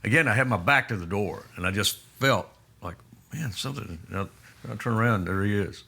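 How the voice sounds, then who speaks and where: Casting note: Texas man, very deep and bright-edged voice, easygoing rambling anecdote with restarts. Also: lively intonation, vocal fry, husky. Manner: rambling, halting storyteller with many restarts. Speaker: musician guest. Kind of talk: storytelling in a casual interview.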